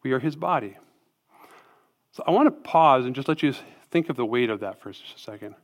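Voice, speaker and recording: A man's voice: medium pitch, animated, a little fast. A man preaching a sermon as pastor, emphatic, asking rhetorical questions and tagging lines with "right?".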